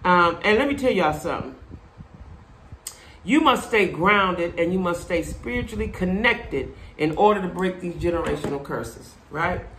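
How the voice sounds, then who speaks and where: A middle-aged woman vlogs in a casual monologue, preachy and blunt, leaning hard on her points. Her voice has a gravelly fry to it. The room is echoey, with a faint hum of noise underneath. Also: lowish voice, expressive, normal speed, fairly bright tone. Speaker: vlogger.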